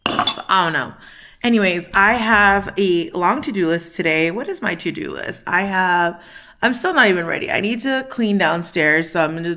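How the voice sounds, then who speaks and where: A woman's voice: on the low side, pushed and bright. A woman vlogging casually at home, chatting and rambling with lots of fillers. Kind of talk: casual vlog chat to camera. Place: at home in her kitchen.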